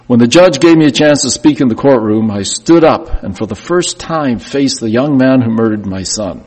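A male preacher tells a painful story in the first person, surging and then sinking quietly. His voice is husky and middle-pitched. It rings through a church hall with a long tail of reverb. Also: animated, normal speed, hardly any pauses. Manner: emotional first-person storytelling, rising and falling in intensity. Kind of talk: sermon.

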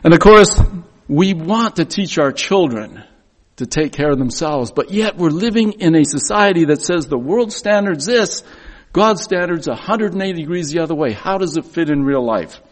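A man's voice: a little high, expressive, normal speed. A middle-aged man giving a sermon, telling personal stories in an earnest way and often repeating words as he goes. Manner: earnest storytelling with frequent word repeats.

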